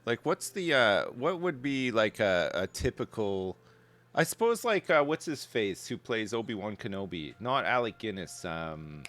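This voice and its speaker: In a very animated but unhurried way, a thirties-aged game streamer rambles through a casual live chat from his home setup, answering viewers and swearing now and then. His voice is lowish with a fairly bright tone.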